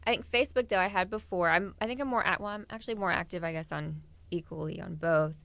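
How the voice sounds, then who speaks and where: A woman's voice: on the low side, fast talker, fairly bright tone, no room sound. A young woman in her twenties, a pageant contestant, chatting in a radio studio and laughing easily. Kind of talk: casual radio interview.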